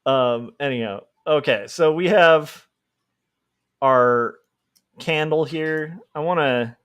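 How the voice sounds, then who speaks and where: A man's voice: on the high side, takes it slowly, fairly bright tone, clear, resonant tone. A young man chatting casually and rambling with lots of fillers while he draws on a livestream. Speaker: livestreaming comic artist.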